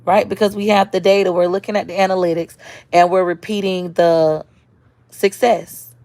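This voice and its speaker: A woman's voice: fairly low pitch, little pitch movement, moderate pace, a little mellow, no room sound. A woman, talking casually and bluntly on a live stream as a social media creator, answering viewer comments.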